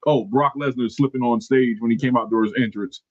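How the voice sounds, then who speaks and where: A man's voice: medium pitch, fairly even intonation, fairly quick, no echo, dull audio. A man co-hosting a wrestling podcast in casual, slangy chat, laid-back and sometimes searching for names. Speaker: podcast co-host.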